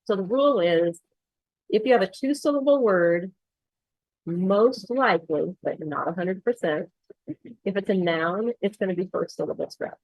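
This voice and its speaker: A woman's voice: medium pitch, lively intonation, moderate pace, dry recording, highs cut off. A woman accent coach walking through her course materials, explaining steadily with frequent ums. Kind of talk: screen-share tutorial walkthrough.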